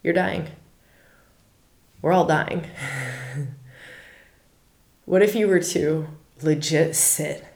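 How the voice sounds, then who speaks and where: A woman guiding listeners through questions on a spiritual podcast, her voice sitting a little low. She talks candidly and loosely, swearing, laughing and tossing in a rhetorical "right?" The room around her rings with a noticeable echo. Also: drawn-out words, vocal fry, long pauses, darkish tone. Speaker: podcast host and spiritual guide. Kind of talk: casual spiritual podcast talk.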